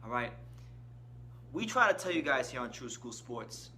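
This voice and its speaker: A man's voice: medium pitch, sing-song, moderate pace, bright, forceful tone, slight background noise. A man hosting a casual boxing channel, giving opinionated commentary and stressing key words, speaking from an indoor room. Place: indoor room with shirts on the wall.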